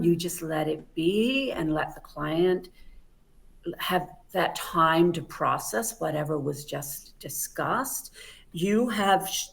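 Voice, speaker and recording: A woman hosting an interview over a video call, speaking in a measured, affirming way. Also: fairly low pitch, creaky. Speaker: interviewer, institute host.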